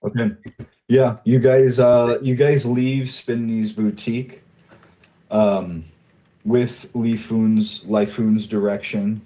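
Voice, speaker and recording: A man running a tabletop game as game master, calmly describing scenes and directing players. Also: mid-range voice, takes it slowly, low-quality recording.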